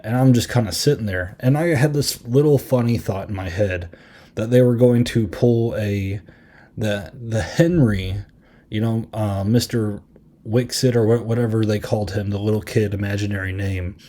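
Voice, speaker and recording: A man's voice: fairly low pitch, normal speed, warm tone. A man hosting a podcast, telling a rambling, self-deprecating story in casual chat. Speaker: podcast host.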